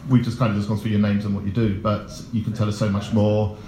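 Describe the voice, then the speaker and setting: A man's voice: fairly low pitch, little pitch movement, quick pace, dark tone, slight background noise. A man hosting a church evening, joking and upbeat as he talks to a crowd and to people on a video call. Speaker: event host. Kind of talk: lively casual hosting. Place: large church hall with audience. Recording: echoey hall with crowd.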